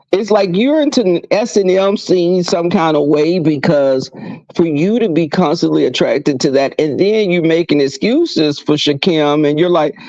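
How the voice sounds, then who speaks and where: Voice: medium pitch, moderate pace, darkish tone, no room sound, muffled recording. A guest on a livestream, chatting expressively and acting out quoted people. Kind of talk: casual livestream chat.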